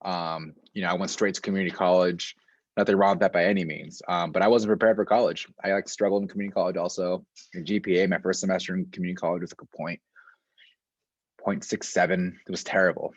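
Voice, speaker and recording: A school administrator with a fairly low voice answers interview questions quickly in a relaxed, slangy way, full of "um"s and "like"s. The audio is dull, lo-fi, and very dry with no echo, much like a video call.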